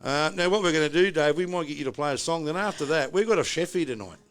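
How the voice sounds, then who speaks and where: Aussie host, middle-aged bloke, slightly higher voice, joking around at a pub. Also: male voice, fast, a bit bright. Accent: Australian. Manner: jokey, rambling, banter-heavy. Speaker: podcast host. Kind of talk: casual chat. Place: pub, indoors.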